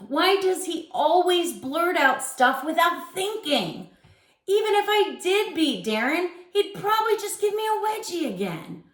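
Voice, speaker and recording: A woman guest reader reading a children's chapter book aloud with expressive storytelling. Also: very high voice, a little slow, echoey room.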